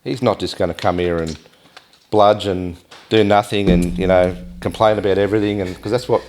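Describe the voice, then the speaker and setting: A man hosts a relaxed podcast chat in a lowish voice. He is chatty and self-deprecating and uses plenty of everyday slang. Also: brisk. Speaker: podcast host. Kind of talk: casual interview chat.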